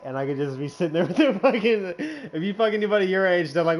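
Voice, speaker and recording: A man's voice: sits high, expressive, fast talker. A young man telling a crude story in casual chat, rambling with many fillers and restarts and laughing often. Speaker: regular in a hangout show.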